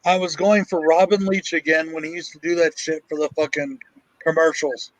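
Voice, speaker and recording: A man's voice: on the high side, fairly even intonation, moderate pace, no room sound, poor audio. A man, talking bluntly and cursing freely in casual chat. His sound is dry and close. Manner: blunt, swears a lot, tells stories. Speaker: co-host.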